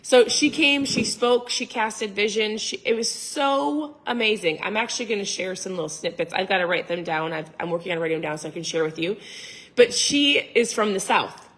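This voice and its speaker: A woman's voice: mid-range voice, normal speed, a bit bright, low-quality recording. Chatty middle-aged Minnesotan woman host. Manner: chatty, laughs often, loses her train of thought. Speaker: podcast co-host. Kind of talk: casual faith-and-money chat.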